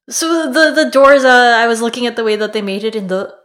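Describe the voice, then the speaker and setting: A woman's voice: fairly high pitch, a bit bright. Woman co-host, chatty with lots of fillers and laughter, roomy echo on the voice. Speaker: podcast co-host. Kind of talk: casual chat.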